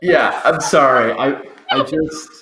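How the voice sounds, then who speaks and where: A man at a tabletop game, talking casually and rambling, apologizing as he searches for words. His mid-pitched voice rings in an echoey room. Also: slow, bright, forceful tone, a little hiss or hum. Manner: rambling, apologetic, self-correcting. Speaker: player.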